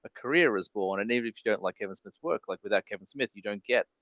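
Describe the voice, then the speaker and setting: A man hosting a podcast, talking casually and rambling with lots of fillers and quick laughs. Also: lowish voice, animated, a bit bright. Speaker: podcast host. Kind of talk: casual chat.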